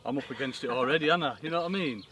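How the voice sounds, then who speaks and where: A man's voice: mid-range voice, racing. A man with a jokey, matey way of talking, hosting a fishing challenge outdoors at a lake. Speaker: angler and show host. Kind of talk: chatty on-camera commentary. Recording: distant outdoor mic with loud noise.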